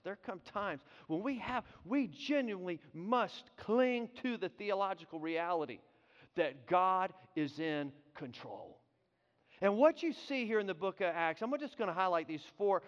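A man preaching a sermon, telling a story in an animated way, often repeating and restarting his words. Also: high-pitched. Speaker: pastor. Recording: dull sound with long hall reverb.

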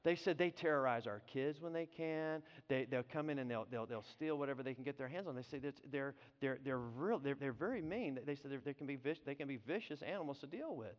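A man preaching a sermon, telling a story in an animated way, often repeating and restarting his words. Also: mid-range voice, brisk, hardly any pauses. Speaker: pastor. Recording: dull sound with long hall reverb.

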